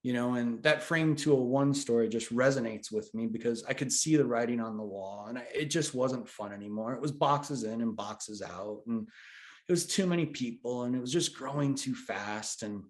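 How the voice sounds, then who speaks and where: A man's voice: mid-range voice, moderate pace. A middle-aged man chatting as a podcast guest, telling a work story and acting out the quoted back-and-forth. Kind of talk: casual storytelling chat.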